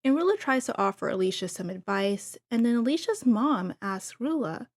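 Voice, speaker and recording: A woman's voice: fairly high pitch, animated, normal speed. A woman hosting a casual gossip recap of a reality show, chatting to viewers with gushing asides. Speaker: TV recap host.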